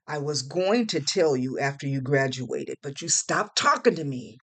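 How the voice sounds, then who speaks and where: A woman's voice: low-pitched, animated, normal speed, a bit bright, heavily acted. A woman reading the lines of a resentful young man, an ex-lover who sneers in bitterness. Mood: sneering. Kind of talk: audiobook character reading.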